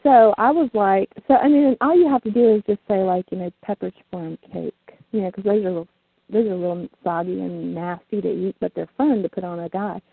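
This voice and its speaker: A woman with a gravelly, husky voice tells bawdy stories candidly and laughs often. She comes through a tinny, dry phone line. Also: medium pitch, fairly quick, no room sound. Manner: frank, bawdy storytelling with frequent laughter. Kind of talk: casual chat. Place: small southern town.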